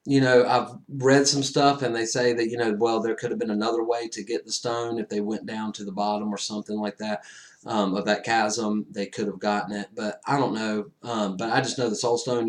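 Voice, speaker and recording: A man giving a casual, excitable movie review, moving between loud enthusiasm and hushed retelling, full of slang. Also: lowish voice, normal speed. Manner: casual slang, says friggin' a lot.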